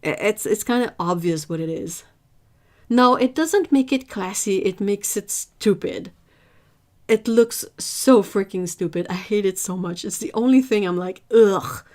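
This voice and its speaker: A woman hosting an art livestream, chatting casually with viewers, emphatic and lively. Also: medium pitch, measured pace. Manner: chatty, answers viewers' chat.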